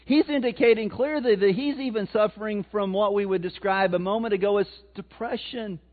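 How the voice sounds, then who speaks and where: A high-pitched pastor preaches a little fast in a conversational manner, asking his congregation questions and then answering them himself. The recording has a tinny, phone-like sound.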